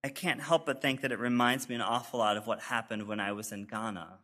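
A male pastor giving a sermon, reading letters of support aloud in an earnest, measured way. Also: medium pitch, fairly even intonation, pushed and bright. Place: church sanctuary.

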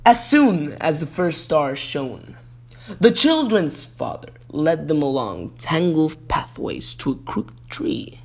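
A man's voice: fairly high pitch, very animated, slow pace. A podcast host, a man, casually reading a children's fairy tale, chatty and prone to correcting himself.

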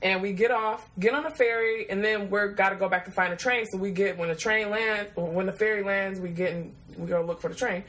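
A woman, telling a travel story in a casual, rambling way. She swears freely and laughs often. Her voice sits at a middle pitch for a woman. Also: fairly even intonation, a little fast, hardly any pauses, fairly bright tone, poor audio. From Detroit, USA.

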